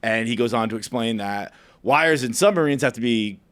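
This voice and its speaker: A man's voice: mid-range voice, normal speed, a bit bright, clean tone. A man telling a funny travel story on a podcast in a casual, profane, laughing manner.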